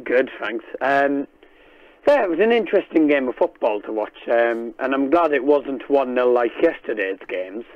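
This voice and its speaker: A man's voice: medium pitch, animated, normal speed. Man calling in by phone. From Middlesbrough, England. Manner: hesitant, many ums. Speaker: caller. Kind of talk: phone-in football chat. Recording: muffled phone line.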